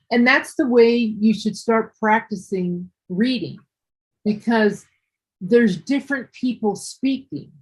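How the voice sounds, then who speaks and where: Teaching English one-on-one online, a woman patiently goes over her words again, explaining slowly with repeats and restarts. Her mid-range voice is darkish and slightly rough, and the recording is rough.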